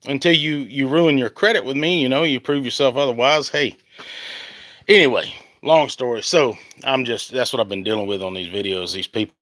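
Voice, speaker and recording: A Southern American man talks into his phone outdoors, fired up and rambling, circling back to his point again and again. His voice is bright and forceful, and the sound is dry and close, with no room around it. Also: medium pitch, brisk, dry recording. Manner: rambling, heated, restarts often. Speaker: country singer on a livestream. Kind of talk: casual livestream rant. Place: outdoors in the heat. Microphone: phone at arm's length.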